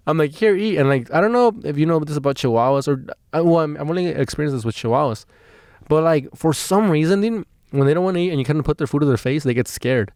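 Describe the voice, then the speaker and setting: A man co-hosting a podcast, telling a rambling, profane story in casual chat and jumping up in pitch when he acts out quotes. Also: lively intonation, a little fast, darkish tone, dry recording, clean studio sound. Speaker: podcast co-host.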